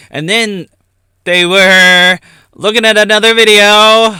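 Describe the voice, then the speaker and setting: A man's voice: high voice, fairly even intonation, slow, pushed and bright, smooth, no echo, studio quality. A young man ranting on his own channel, rambling and breaking off into tangents. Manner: rambling, self-interrupting, goes off on tangents. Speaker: YouTuber. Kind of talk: rambling solo rant.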